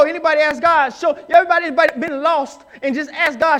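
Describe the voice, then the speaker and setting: A man preaching a live sermon in church, emphatic and rising to shouts as he acts out the people he quotes. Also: very high-pitched, animated, fairly quick. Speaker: pastor. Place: church sanctuary.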